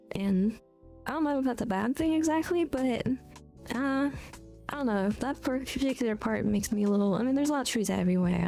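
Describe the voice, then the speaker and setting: A woman's voice: medium pitch, creaky, dark tone. A woman live streamer chatting casually with her viewers in a rambling, goofy, giggly way.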